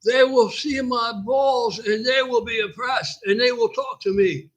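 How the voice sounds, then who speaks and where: A man putting on the voice of a slow-talking, childlike young man who draws out his words in a high, pleading tone. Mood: insistent. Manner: high, drawn-out, pleading delivery.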